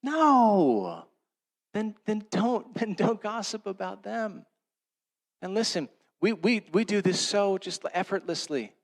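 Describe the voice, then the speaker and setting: A middle-aged man, a pastor, preaching a sermon in a conversational storytelling way, swinging between loud emphatic lines and hushed ones. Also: sits high, a little slow, vocal fry.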